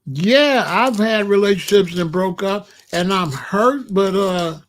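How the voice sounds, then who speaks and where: Blunt animated man talking to chat. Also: sits high, slow. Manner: animated, blunt, colloquial, asks chat for examples. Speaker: livestream host. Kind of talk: casual livestream talk to chat.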